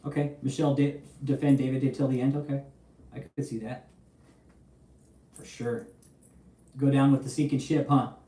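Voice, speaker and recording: Young male streamer, profane and chatty, mellow tone, off-mic in a roomy space. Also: mid-range voice, level tone, moderate pace, long pauses, far from the mic. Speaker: livestream host. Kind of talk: casual livestream commentary.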